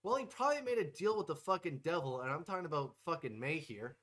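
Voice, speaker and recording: A man's voice: on the high side, expressive, a little fast, hardly any pauses, pushed and bright. A young man hosting a comedic tier-list video, ranting brashly with constant swearing and mock-tough bravado. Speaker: host ranking game characters.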